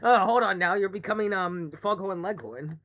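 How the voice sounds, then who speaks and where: A woman co-hosting a casual gaming podcast, animated, laughing often and swearing freely. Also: mid-range voice, moderate pace, crowd noise. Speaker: podcast co-host. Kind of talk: casual chat about video games.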